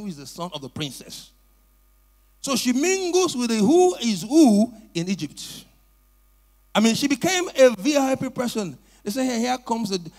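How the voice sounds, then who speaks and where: A male pastor preaching a sermon in church, telling a story and calling on the congregation to respond. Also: sits high. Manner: animated storytelling with call-and-response.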